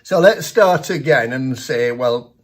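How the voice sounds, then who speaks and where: A man teaching piano, talking slowly and patiently at an ordinary pitch. Piano phrases ring out clearly around his explanations. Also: lively intonation. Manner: measured, patient explaining between playing. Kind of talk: instructional lesson at the piano. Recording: piano playing heard in the background.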